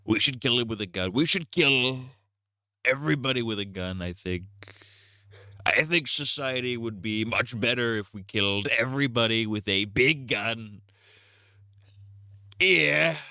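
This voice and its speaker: A man's voice: lowish voice, normal speed, bright, forceful tone, no room sound, studio quality. A man streaming a game live, rambling in a crude, profane and goofy way. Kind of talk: casual gaming stream commentary.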